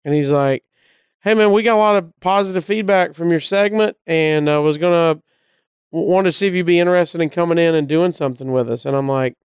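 A comedian from Alabama with a Southern accent, telling a story casually and acting out the voices of the people in it. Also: male voice, a little high, a little fast, clear, resonant tone, no room sound, studio quality. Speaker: comedian guest.

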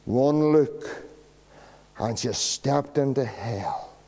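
A man preaching a sermon in a church, using slow dramatic pauses and dropping to a hush on key words. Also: medium pitch, expressive. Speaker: pastor. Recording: long church reverb.

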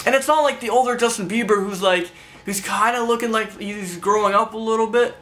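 A man's voice: high voice, steady tone, a little fast, fairly bright tone. A man vlogging an angry, profane, rambling rant straight to the camera. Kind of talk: ranting storytelling to camera.

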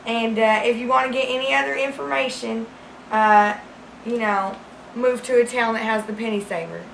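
A woman playing a crude, rambling small-town woman who hosts a deadpan comedy segment about ad deals, with a gravelly voice. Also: fairly high pitch, normal speed, slight background noise. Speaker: comedy sketch host character. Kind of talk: deadpan comic monologue. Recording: roomy echo.

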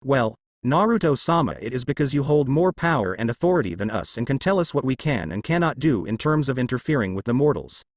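A goddess of death who sounds bored and speaks without emotion, read by a man. Her words are flat and deadpan. The recording is dry and close. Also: mid-range voice, fairly quick, hardly any pauses, dry recording.

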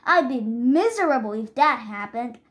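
A woman's voice: on the high side, animated, moderate pace, a bit bright. A woman reading the lines of an earnest, polite young boy in a storybook. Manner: polite, pleading, says sir.

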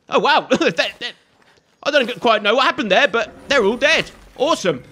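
Man, high bright voice, playful running commentary over gameplay, banters at enemies. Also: lively intonation, moderate pace. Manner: chatty, jokey, scolds enemies on screen. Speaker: gaming video host. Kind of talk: let's play commentary.

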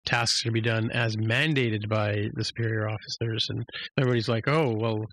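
A man co-hosting a podcast, recapping an episode in casual chat with many restarts and jumping to a higher voice to act out lines. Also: fairly even intonation, moderate pace, a bit bright, slight background noise.

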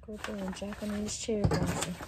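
A woman's voice: mid-range voice, little pitch movement, fast talker, heavy background noise. A woman vlogger chatting casually to her viewers, blunt and chatty, swearing freely and often laughing. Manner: laughs often while talking. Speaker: lifestyle vlogger. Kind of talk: casual chat to camera.

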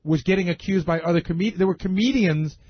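A man in casual radio studio banter, talking in rapid bursts with halting restarts. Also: high-pitched, no room sound. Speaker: radio show producer. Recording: dull muffled radio broadcast.

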